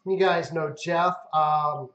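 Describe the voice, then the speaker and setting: A man with a high voice hosts a casual live-stream chat. He tells stories excitably, swears freely and acts out his own outbursts. The sound carries a roomy echo. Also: slow pace, dull audio. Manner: excitable storyteller, swears, mimics himself loudly. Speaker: host.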